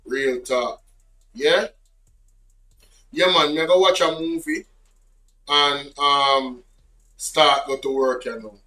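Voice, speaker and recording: A man's voice: medium pitch, fairly even intonation, takes it slowly, long pauses, sharp tone, far from the mic, poor audio. A Jamaican man hosting his channel, chatting casually and switching between patois and English. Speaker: channel host. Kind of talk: casual commentary.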